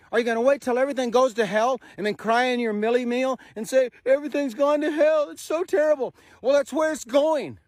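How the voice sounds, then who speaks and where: A man's voice: extremely high pitch, no echo, studio quality. A man from Texas, giving an angry, rhetorical speech outdoors and swearing as he presses his point. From Houston, Texas, USA. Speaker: songwriter. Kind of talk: impassioned speech to camera. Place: outdoors on a farm.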